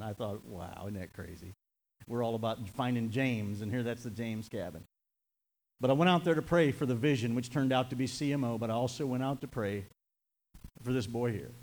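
A middle-aged man preaching a sermon as pastor, emotional and building to near-shouts on repeated lines. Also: mid-range voice, low-quality recording. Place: church.

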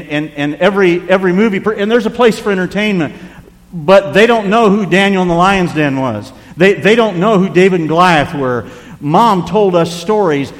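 A man in his sixties preaching a sermon, telling a personal story with animated delivery that drops to a hush at tender moments. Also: high voice, long reverb tail. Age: 60s. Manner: animated, drops to hushed tones for emotional moments.

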